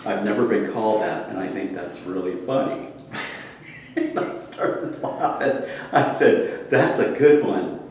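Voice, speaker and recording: A man's voice: fairly low pitch, expressive, unhurried, darkish tone, recorded from a distance. A man telling rambling, profane stories in a casual chat, laughing often. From Seattle area. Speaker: show regular, storyteller. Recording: roomy echo, from off mic, faint noise.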